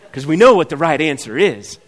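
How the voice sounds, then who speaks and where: A high-pitched man delivers a sermon in a church sanctuary. He talks to the congregation like a conversation, acts out the people in the scripture, and then presses hard at the key points. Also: a bit bright. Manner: conversational preaching, acts out quoted voices, builds to emphatic peaks. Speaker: pastor.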